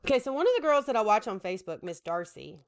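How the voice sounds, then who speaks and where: Her mid-range voice swings widely in pitch, and she talks fast. In her thirties, this makeup vlogger rambles as she applies her makeup, making self-deprecating jokes and turning to her husband now and then between steps.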